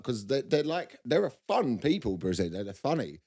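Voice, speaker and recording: A man's voice: medium pitch, sing-song, quick pace, hardly any pauses. A man co-hosting a podcast, chatting loosely and laughing as he rambles through anecdotes. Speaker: podcast co-host, comedian. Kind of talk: casual banter.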